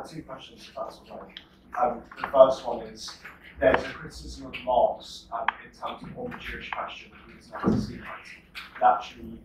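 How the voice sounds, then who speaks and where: A man's voice: medium pitch, gravelly. A man in the audience asking a lecturer two questions from the floor, hesitant and full of fillers. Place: lecture hall. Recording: echoey hall from far off, noisy.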